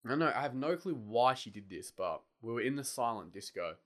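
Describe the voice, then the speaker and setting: Bright-voiced Australian man telling stories. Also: medium pitch, a little fast. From Western Australia. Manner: animated storytelling, swears freely. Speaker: podcast co-host. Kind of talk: casual chat.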